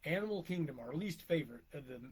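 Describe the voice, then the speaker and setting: A man's voice: on the high side, lively intonation, fast talker, a crowd in the background, poor audio. A middle-aged man co-hosting a podcast, rambling through casual stories, laughing often and acting out quoted lines. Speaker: podcast co-host, wrestler. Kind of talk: casual storytelling chat.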